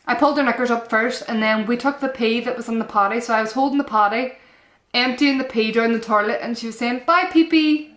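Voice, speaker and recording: A young mum talks straight to camera in a chatty, earnest way and often calls her viewers "guys." Her voice sits a little high. She is recorded on a camera-mounted mic in a noticeably roomy, echoey space at home. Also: fairly even intonation, quick pace, fairly bright tone. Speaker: mum vlogger giving parenting advice. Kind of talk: casual advice vlog to camera. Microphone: camera-mounted shotgun mic. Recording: echoey room.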